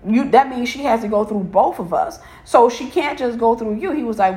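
A woman's voice: fairly high pitch, animated, normal speed, darkish tone, roomy sound. A woman telling a personal story to her viewers, stressing points by repeating phrases. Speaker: faith and relationship talk host.

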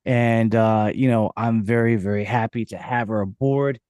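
A man hosting a podcast interview like an excitable showman, hyping his guest and often restarting his sentences. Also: on the low side, normal speed, no echo, studio quality. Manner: hyped-up showman, stammering restarts. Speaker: podcast host. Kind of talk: casual interview. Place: recording studio.

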